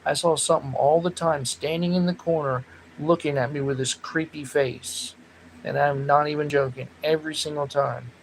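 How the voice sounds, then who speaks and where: A gravelly, slightly higher-pitched man with a drawl holds a casual livestream chat, telling rambling stories and bursting out loudly now and then. Faint noise hums under the recording. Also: normal speed, rough recording. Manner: rambling, animated storytelling with loud laughing outbursts. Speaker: livestream host.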